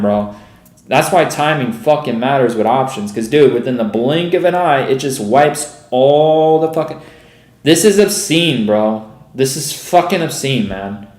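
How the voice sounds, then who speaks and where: A man's voice: a little high, darkish tone, reverberant. A young man giving profane, exasperated live commentary on his trades as a streaming day trader, peppering every sentence with "bro" and "dude.".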